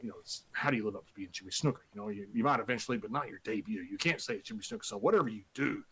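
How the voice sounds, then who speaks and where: Angry older wrestling boss, blunt and bossy, low and terse, as a storyteller puts him on. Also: male voice, rapid-fire, fairly bright tone, slightly rough, exaggerated voice. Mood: insistent. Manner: blunt, cursing, barking orders. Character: furious older male wrestling boss, gruff.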